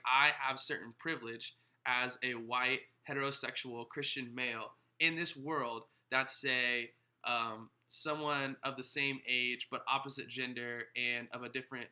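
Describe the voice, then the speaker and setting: A young man, a pastor and co-host, explaining slang in an earnest, animated casual chat. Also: mid-range voice, unhurried, hardly any pauses.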